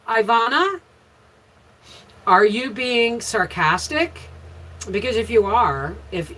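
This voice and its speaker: A middle-aged woman with a husky, slightly low voice hosts a casual livestream. She talks straight to her viewers in a frank, rambling way. Now and then her voice jumps into a loud burst. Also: low-quality recording. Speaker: homestead channel host.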